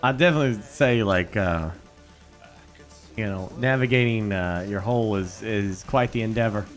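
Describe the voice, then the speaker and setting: A man in casual in-character role-play chat as an inspector, talking in a hesitant, stammering, deadpan way. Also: fairly low pitch, moderate pace, faint music behind.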